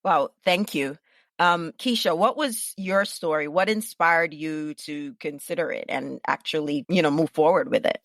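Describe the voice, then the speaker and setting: A woman's voice: low-pitched, measured pace, dry recording, studio quality. A woman hosting a podcast who asks her guests short, direct questions. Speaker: podcast host. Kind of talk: interview questions.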